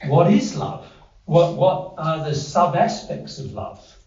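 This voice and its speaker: A man with a somewhat high voice runs a group workshop, asking his listeners questions and joking at his own expense. He sounds distant from the mic, with a roomy echo around him. The audio is dull and lo-fi. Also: slow, a little mellow. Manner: conversational, quizzes the audience, self-deprecating asides. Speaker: workshop presenter. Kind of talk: interactive group teaching. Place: indoor room with a group. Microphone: distant room mic.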